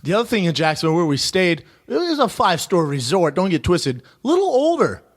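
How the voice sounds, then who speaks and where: A man's voice: on the high side, sing-song, fast talker. Boastful man in his thirties. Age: 30s. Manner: boastful storytelling, mimics others. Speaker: podcast co-host. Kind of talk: casual chat.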